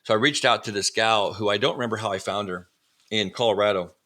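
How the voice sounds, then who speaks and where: A man's voice: fairly low pitch, fast talker. A man, a vacation rental company owner, telling his story in a casual remote interview and acting out the dialogue as he goes. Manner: animated, acts out quoted dialogue. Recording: remote video call.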